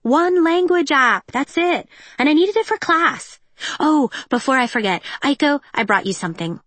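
A woman voicing an excitable, theatrical teenage girl who gushes and whines, in an audiobook. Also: high-pitched, normal speed, no room sound, pitched above the performer's own voice. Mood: eager. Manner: gushing, whiny, theatrical. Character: excitable teenage girl, dramatic, bubbly stepsister.

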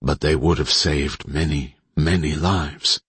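A man reading an audiobook in a steady, dramatic narrating style on a close mic. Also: rumbling low, slow pace, breathy edge, dry recording. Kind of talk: scripted narration.

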